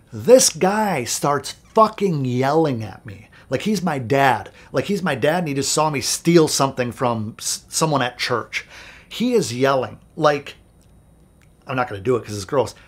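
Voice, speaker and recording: Husky guy ranting about a bad manager, swears a lot, keeps restarting his sentences, mid-pitched voice. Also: expressive, moderate pace. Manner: candid, profane, rambling with restarts. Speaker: music producer and video host. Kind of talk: casual storytelling to camera.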